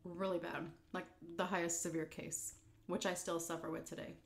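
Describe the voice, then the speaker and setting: A woman's voice: fairly low pitch, little pitch movement, moderate pace, gravelly. A woman vlogger telling a story while eating, candid and blunt, rambling with fillers. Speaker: mukbang vlogger.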